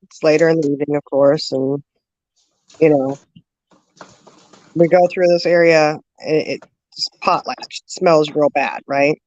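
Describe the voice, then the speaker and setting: Woman telling a rambling laughing story. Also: sits low. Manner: lively, laughing, drawn-out storyteller with many fillers. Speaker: host. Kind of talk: casual storytelling chat. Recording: dull lo-fi dry sound.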